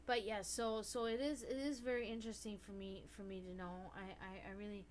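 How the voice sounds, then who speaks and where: A woman's voice: fairly even intonation, fairly quick, a little hiss or hum. A woman hosting a casual livestream, rambling with many restarts and fillers, sounding tired. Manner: high baby talk to her cats. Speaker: livestream host.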